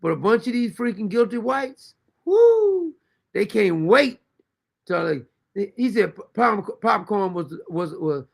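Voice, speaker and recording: Gravelly high-pitched guy hosting a stream, reacting loud and disbelieving to clips. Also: very animated, slow pace. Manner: incredulous, loud outbursts, frequent laughter. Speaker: show host. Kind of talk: commentary over played clips. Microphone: streaming mic.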